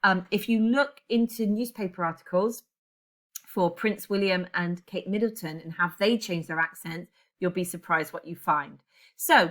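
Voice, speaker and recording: Bright-voiced chatty woman teacher in her forties. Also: medium pitch. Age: 40s. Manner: chatty, digressive, self-correcting. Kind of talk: classroom lesson.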